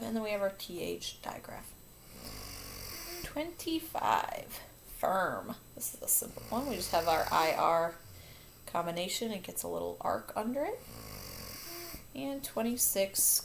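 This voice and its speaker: A woman's voice: fairly low pitch, creaky, slight background noise. A woman teacher walking children through a phonics lesson, upbeat and patient, catching and fixing her own slips. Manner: upbeat, patient, self-correcting.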